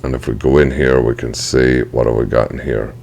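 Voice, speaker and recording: Very deep, gravelly man teaching software. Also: fairly even intonation, fairly quick, a little hiss or hum. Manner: casual, thinks aloud, apologizes for slips. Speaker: software tutor. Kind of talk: screen-recorded software tutorial.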